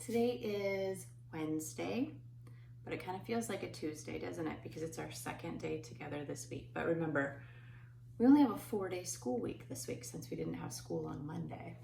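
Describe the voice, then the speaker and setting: A woman teaching her kindergarten class remotely, with gentle sing-song talk aimed at small children. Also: low voice, sing-song, normal speed, creaky, reverberant, recorded from a distance, slight background noise.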